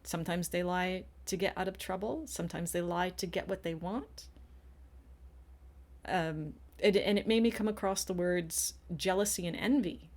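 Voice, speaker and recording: A woman's voice: on the low side, steady tone, moderate pace, a little mellow. A middle-aged woman co-hosting a podcast, telling a personal story in an earnest, casual way with frequent restarts. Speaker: podcast co-host.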